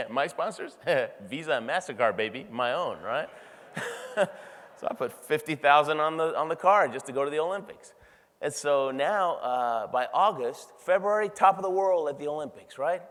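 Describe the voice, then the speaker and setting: A man giving a motivational keynote speech at a convention, telling stories in an animated way and laughing often. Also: fairly high pitch. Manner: animated storytelling with frequent laughs. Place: large convention hall. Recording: long hall reverb.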